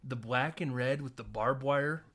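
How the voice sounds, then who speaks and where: A man in his thirties hosting a casual film podcast, retelling scenes in an animated way with frequent laughter and casual swearing. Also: medium pitch, a little slow. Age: 30s. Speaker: podcast host. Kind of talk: casual film recap chat.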